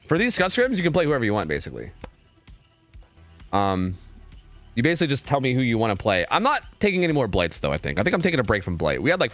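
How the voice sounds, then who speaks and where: A man casting game scrims on a live stream in a casual, chatty way, often repeating words in quick bursts. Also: mid-range voice, a bit bright.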